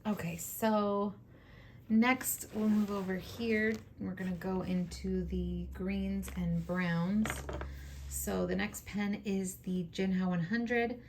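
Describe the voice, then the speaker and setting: Woman, low, gravelly and hoarse, chatty and enthusiastic, faint hiss behind. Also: darkish tone. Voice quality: scratchy, hoarse voice. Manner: chatty, enthusiastic, many fillers. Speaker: fountain pen vlogger. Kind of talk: casual show-and-tell.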